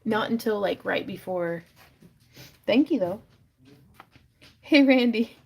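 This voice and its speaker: A woman's voice: mid-range voice, lively intonation, takes it slowly, gravelly, slightly rough. A woman hosting a crafting livestream from her craft room, chatting casually and thinking aloud with lots of fillers as she works. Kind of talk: casual chat while crafting.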